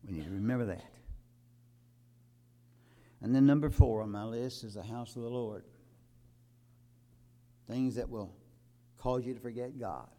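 An older man preaching a sermon to his congregation, building from calm talk to loud emphatic peaks and quoting scripture. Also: medium pitch, unhurried, pauses often. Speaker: pastor.

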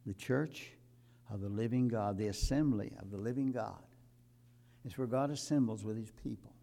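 An older man preaching a sermon to his congregation, building from calm talk to loud emphatic peaks and quoting scripture. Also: fairly low pitch, moderate pace, vocal fry. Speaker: pastor.

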